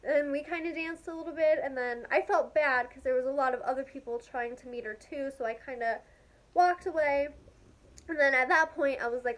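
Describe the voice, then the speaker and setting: A young woman telling a story to her camera in a casual, gushing, excitable way, filling her talk with "like". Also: high-pitched, moderate pace. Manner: gushing, excitable, heavy use of "like". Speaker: vlogger.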